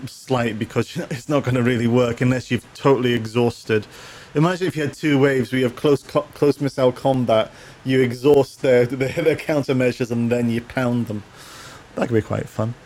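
Halting man chatting casually. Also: mid-range voice, a little mellow. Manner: halting, restarts with repeated words. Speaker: co-host reading viewer comments. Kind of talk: casual gaming podcast chat.

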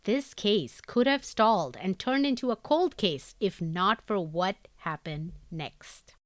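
A woman's voice: medium pitch, expressive, slow pace, dry recording, clean studio sound. A woman from India with an Indian English accent, hosting a podcast and telling a true crime story in a conversational way, with asides. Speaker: podcast host.

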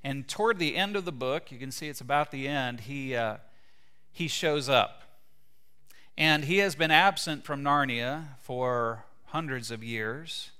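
A middle-aged man preaching a sermon, retelling a story in an animated way and briefly voicing its characters. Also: medium pitch, measured pace, clear, resonant tone. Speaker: pastor.

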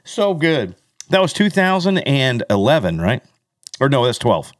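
A man's voice: unhurried, dry recording, studio quality. Chatty male podcast co-host. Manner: rambling, animated, drops into low impressions of others. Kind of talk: casual chat about country music.

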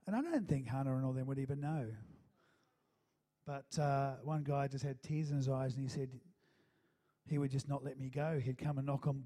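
A man's voice: medium pitch, steady tone, moderate pace, mellow. A male pastor preaching a sermon and praying with his congregation in a conversational style, with frequent calls of "amen?" and casual fillers and restarts. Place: church hall with congregation.

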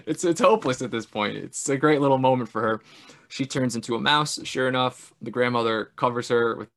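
A man in casual podcast chat, retelling a film's plot with frequent laughs and quick character impressions. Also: medium pitch, a bit bright. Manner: chatty, laughs often, mimics characters in big voices. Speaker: podcast co-host. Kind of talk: casual film recap chat.

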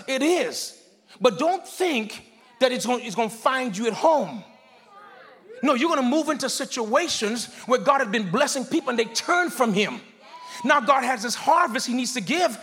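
A man preaching a sermon as pastor, leading his congregation in call-and-response and rising into shouts. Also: extremely high pitch. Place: church sanctuary before a congregation.

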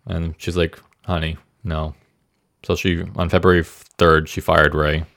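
A man's voice: deep voice, little pitch movement, normal speed, gravelly, fairly bright tone, dry recording, clean studio sound. A man co-hosting a podcast, casually recounting a true-crime story and often stumbling over his words with self-deprecating asides. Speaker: podcast co-host. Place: Indiana.

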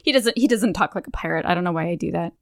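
A woman's voice: on the low side, lively intonation, racing, gravelly, dry recording, clean studio sound. Casual, laughing woman podcaster. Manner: chatty, swears freely, laughs often, restarts sentences. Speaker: podcast co-host. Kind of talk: casual gaming chat.

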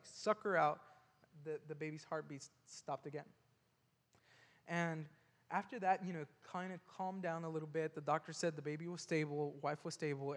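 A man with a fairly high voice tells a personal story in an earnest, halting way, often stopping and starting over. His words ring out with a long hall echo. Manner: halting and earnest, with frequent restarts and repeated words.

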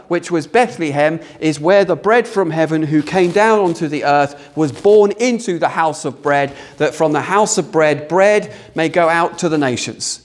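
A British man preaching a sermon in a conversational way, asking the congregation questions. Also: fairly high pitch. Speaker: pastor. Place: church hall with a congregation.

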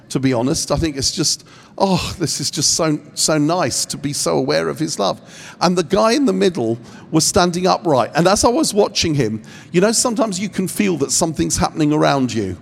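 A man with a slightly higher voice gives a teaching talk on prayer in a large hall, his words trailing off in long reverb. He talks with easy humor, acts out little scenes and pokes fun at himself. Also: creaky. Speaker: speaker at a prayer training session.

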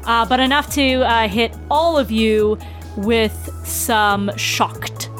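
A woman acting as game master, explaining the results of rolls in a deliberate, amused manner. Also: a little high, faint music behind. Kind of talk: running a tabletop game.

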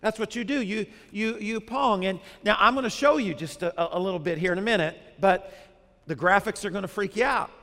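A man with a fairly high voice delivers a relaxed, conversational sermon, joking with the crowd. He grew up in Arkansas. His voice carries a long reverb from a big church hall. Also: a little fast. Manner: lively, conversational preaching with humor. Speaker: pastor.

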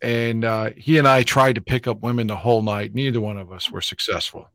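A man's voice: fairly low pitch, steady tone, a little fast, fairly bright tone, no echo. A middle-aged man hosting a podcast, telling blunt, profane, self-mocking stories in casual chat. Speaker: podcast host. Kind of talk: casual storytelling.

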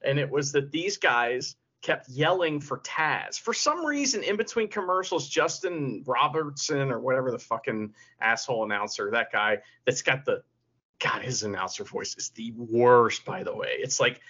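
A man's voice: mid-range voice, expressive, moderate pace, sharp tone, husky. A man co-hosting a podcast, telling stories in casual chat, laughing often and swearing freely. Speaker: podcast co-host. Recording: lo-fi podcast audio.

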